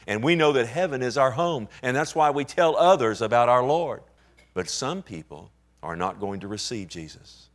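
A male pastor preaching a sermon in a conversational way, dropping to quiet asides and rising to emphatic, near-shouted points. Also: mid-range voice, animated, normal speed.

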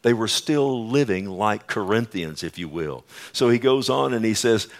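A man preaching a sermon, quoting scripture and paraphrasing it in plain everyday terms with a slow, deliberate delivery. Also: lowish voice, lively intonation.

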